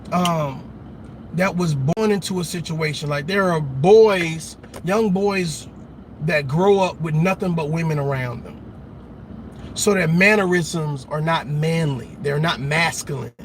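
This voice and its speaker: A man's voice: on the high side, unhurried, a little hiss or hum. A man hosting a show, delivering an emphatic commentary monologue, repeating his points and calling out to his listeners. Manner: emphatic, repetitive, calls out to listeners. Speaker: show host.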